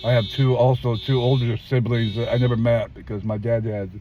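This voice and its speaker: A man's voice: level tone, fairly quick. An older man giving emphatic personal testimony in a street interview, acting out the people he quotes in his story. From California. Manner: emphatic storyteller who acts out quoted voices, often jumping high. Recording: dull lo-fi sound with faint traffic.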